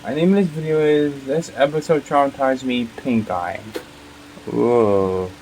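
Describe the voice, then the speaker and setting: A man hosts a reaction video in a casual, unpolished way. He throws blunt, profane comments over the clip as it plays. His pitch sits in an ordinary middle range. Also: lively intonation, moderate pace, darkish tone, a little hiss or hum, low-quality recording. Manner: blunt, swears freely, talks over the clip.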